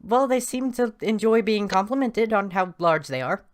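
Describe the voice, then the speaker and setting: A woman's voice: medium pitch, animated, moderate pace, pitched above the performer's own voice, natural voice. An Irish woman voicing a shy, courteous young male vampire newcomer in a tabletop game. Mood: polite. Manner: courteous, hesitant.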